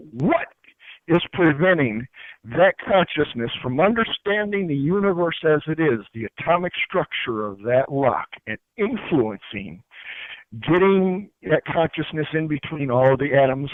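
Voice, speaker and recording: A man's voice: mid-range voice, dry recording. A man as a guest, teaching spiritual ideas in an earnest, preachy way, often repeating words as he searches for them, heard over a phone line. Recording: tinny dry phone line.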